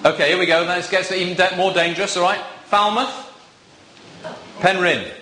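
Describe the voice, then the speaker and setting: Here the visiting preacher talks fast, with a high-pitched, sharp voice and fairly even intonation. He banters and teases his congregation during the sermon, and the box-pew church sounds echoey.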